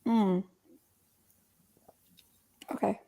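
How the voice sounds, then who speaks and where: A woman's voice: extremely slow, warm tone. A woman chatting casually on a live video call panel, rambling and correcting herself as she talks. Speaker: panelist on a live online talk show. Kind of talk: casual live-stream chat.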